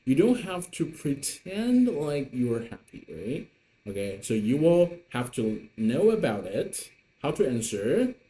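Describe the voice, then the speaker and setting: A man's voice: mid-range voice, sing-song, takes it slowly, dark tone. A man teaching an online lesson in English, patient and repetitive, with many fillers. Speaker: Mandarin teacher.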